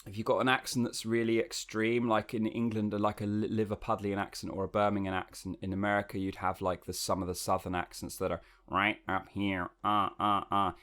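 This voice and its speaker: A man giving a relaxed, conversational singing lesson, explaining as he goes with frequent fillers and restarts. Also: on the low side, brisk, hardly any pauses. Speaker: singing coach.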